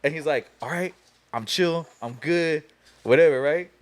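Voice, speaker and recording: A man's voice: a little high, normal speed. A young man hosting a podcast, telling a long story casually, profane and laughing as he goes. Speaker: podcast host.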